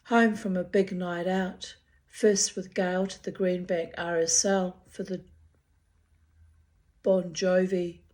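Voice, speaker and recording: A woman's voice: on the low side, darkish tone. An older Australian woman reading aloud from her old diary with candid, chatty asides and frequent swearing.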